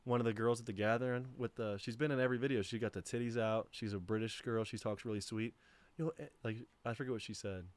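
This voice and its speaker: A man's voice: medium pitch, fairly even intonation, fast, no room sound. Man hosting a laid-back livestream. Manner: laid-back, rambling, laughs easily. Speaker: livestream host. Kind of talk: casual livestream chat.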